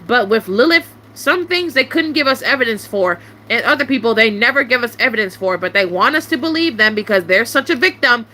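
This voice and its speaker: A young woman venting to camera in a casual monologue, irritated and swearing often, with sharp rising outbursts. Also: fairly high pitch, animated, brisk, few pauses.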